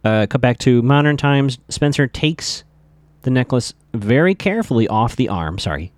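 A man's voice: medium pitch, lively intonation, moderate pace, no room sound. A man casually recapping a TV episode, chatty, with lots of fillers, stammered restarts and asides to his listeners.

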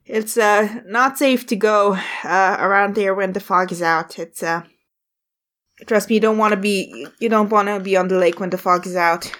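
A woman voicing a cautious middle-aged fisherman father steering a boat, speaking hesitantly with many pauses. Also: high voice, steady tone, sharp tone. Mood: cautionary. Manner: hesitant, full of pauses, warning tone.

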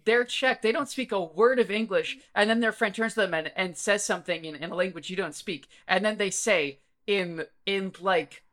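A man's voice: sits high, normal speed, few pauses, fairly bright tone. A man co-hosting a podcast in casual chat, rambling and laughing with lots of restarts. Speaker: podcast co-host.

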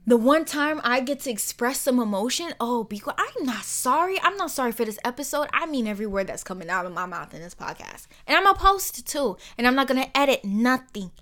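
A young woman hosting her own podcast, talking alone in a blunt, heated, profane way that swings between soft and loud. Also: sits high, big pitch swings, fairly quick, hardly any pauses. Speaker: podcast host. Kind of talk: emotional solo podcast monologue.

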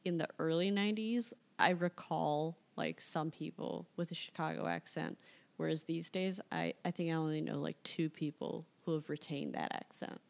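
Brief: female podcast host, low voice with vocal fry, frank and casual. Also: lively intonation, normal speed, darkish tone.

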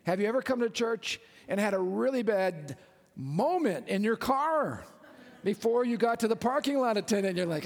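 Brief: high-pitched male pastor, animated sermon, long church reverb. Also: normal speed. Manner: animated, joking, calls out to congregation.

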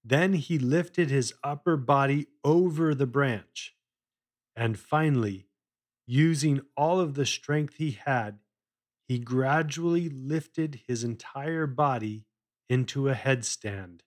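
A man narrating a children's story in a measured read-aloud style. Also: mid-range voice.

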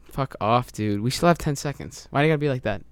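A young man co-hosting a casual podcast, excitable and laughing, swearing freely and acting out quotes. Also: medium pitch, quick pace, clean tone, dry recording, clean studio sound. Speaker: podcast co-host.

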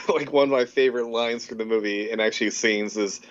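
A man co-hosting a casual movie podcast, talking in a relaxed way and laughing as he retells his favorite scenes. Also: mid-range voice, a little fast, muffled recording. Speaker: podcast co-host. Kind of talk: casual chat.

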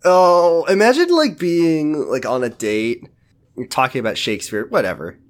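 A man co-hosting a podcast, joking and laughing as he recaps an episode, swearing and trying out mock deep impressions. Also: animated, moderate pace. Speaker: podcast co-host. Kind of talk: casual chat recapping a show.

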